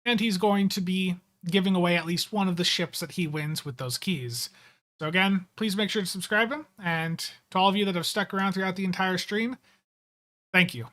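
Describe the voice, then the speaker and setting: A man with a notably high speaking voice hosts a live gaming stream in relaxed, casual chat. He rambles easily, with frequent ums and restarts. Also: brisk. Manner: easygoing, rambling with fillers. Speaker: game streamer host.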